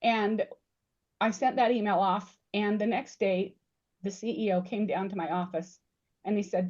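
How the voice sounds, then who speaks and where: A woman's voice: mid-range voice, fairly even intonation, normal speed, darkish tone, lo-fi sound. A woman speaking as a guest in a panel discussion, earnest and emphatic, often repeating words as she builds her points. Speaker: guest speaker on employee recognition.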